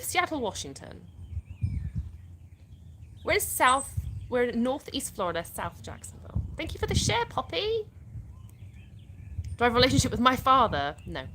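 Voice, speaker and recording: A woman's voice: on the high side, bright, forceful tone, a little hiss or hum. An English woman hosting a casual live stream, reading viewers' questions aloud and answering them chattily. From England (born in the US). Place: outdoors in the sun.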